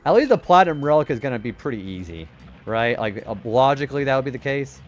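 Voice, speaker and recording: A man's voice: medium pitch, lively intonation, fast, lo-fi sound, slight background noise. A young man streaming a retro game, rambling casually about his day and swearing when he misses a turn. He describes his own voice as nerdy. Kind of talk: casual gaming stream chat.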